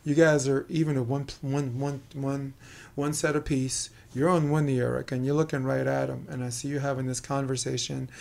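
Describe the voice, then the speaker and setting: Fast-talking gravelly New York man. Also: medium pitch. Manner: fast-talking, animated, swears casually. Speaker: podcast host. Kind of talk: casual interview chat.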